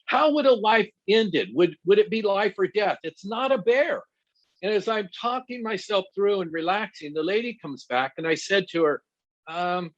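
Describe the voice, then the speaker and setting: Speaking in a high voice at moderate speed, the middle-aged man, a visiting pastor and counselor, teaches through anecdotes from his own life. He's lively and often chuckles at himself. The audio comes across flat, dry and lo-fi.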